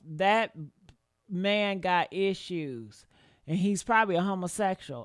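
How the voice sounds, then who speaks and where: A woman's voice: mid-range voice, smooth, no room sound, clean studio sound. A woman doing reaction commentary on a livestream, blunt and profane, repeating her points and talking straight to her viewers. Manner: talks straight to her chat, asks for likes.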